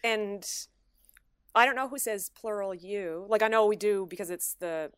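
A woman's voice: mid-range voice, normal speed, smooth, no room sound. Newfoundland woman guest, chatty, laughs a lot, dry close mic. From Newfoundland, Canada. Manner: animated storyteller, laughs often. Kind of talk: casual chat.

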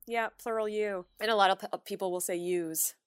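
A woman's voice: mid-range voice, brisk, clear, resonant tone, no room sound, studio quality. A woman from Newfoundland with a Newfoundland accent, chatting casually and telling stories with frequent laughter. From Newfoundland, Canada. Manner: animated storyteller, laughs often. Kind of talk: casual chat.

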